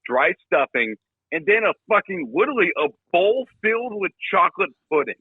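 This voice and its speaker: A young man co-hosting a casual podcast, ranting about a movie in a profane, animated way and slipping into mocking impressions. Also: sits high, fairly quick, slightly rough, phone-quality sound. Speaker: podcast co-host.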